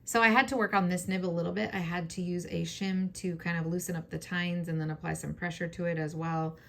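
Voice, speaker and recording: Woman, low, gravelly and hoarse, chatty and enthusiastic, faint hiss behind. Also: steady tone, a little fast. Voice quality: scratchy, hoarse voice. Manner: chatty, enthusiastic, many fillers. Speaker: fountain pen vlogger. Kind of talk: casual show-and-tell.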